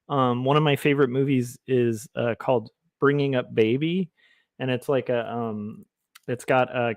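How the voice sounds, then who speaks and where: A man with a mid-range voice, recorded with no room sound, livestreams while drawing comics. He chats casually and rambles in a goofy, self-deprecating way, reading chat aloud and trying out silly voices.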